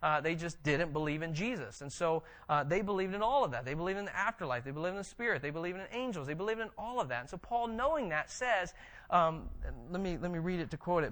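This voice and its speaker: Male pastor, higher register, animated teaching sermon with frequent restarts. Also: fast talker. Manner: conversational, animated, frequent restarts and tag questions.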